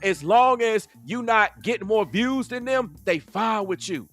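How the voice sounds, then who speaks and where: A man's voice: high-pitched, expressive, measured pace, a bit bright, soft background music. A man hosting a livestream commentary, preachy and emphatic, stretching words out in a sing-song way. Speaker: commentary channel host.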